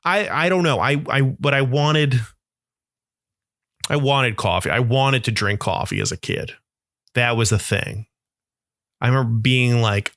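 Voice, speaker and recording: A young man rambles through a self-mocking comic podcast monologue. He talks at an everyday middle pitch. The recording is dry and close, with no room sound. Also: moderate pace, a bit bright, clear, resonant tone, no echo. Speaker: podcast host.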